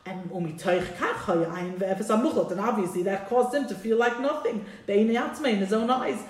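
A woman's voice: medium pitch, fairly quick. A woman teaching a Torah class, who reads Hebrew lines from a text and translates them with informal asides. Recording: roomy echo.

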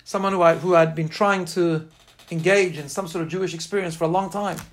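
A man's voice: high voice, fairly even intonation, fairly quick. A man giving an informal class on faith, speaking earnestly and emphatically and weaving in personal stories. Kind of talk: informal spoken class lecture with personal anecdotes.

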